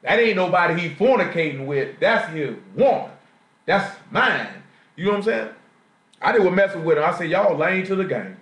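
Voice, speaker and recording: Speaking at a moderate pace in a high, expressive, slightly bright voice, a man with a Jacksonville, Florida Southern accent preaches a slangy street-talk sermon and often asks the congregation questions. This live stream was captured in an echoey church assembly room.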